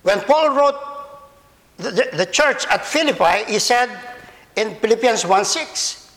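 Male pastor, very high voice, unhurried and deliberate, preaching to a church congregation with a long echo in the hall. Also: lively intonation, fairly bright tone. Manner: slow, deliberate, repeats words, speaks to children and adults. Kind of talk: sermon. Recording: long reverb of a large hall.

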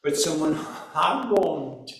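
A man's voice: a little high, expressive, slow pace, background noise. A man preaching a sermon in an earnest, emphatic way, asking rhetorical questions. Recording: echoey hall recorded from far off.

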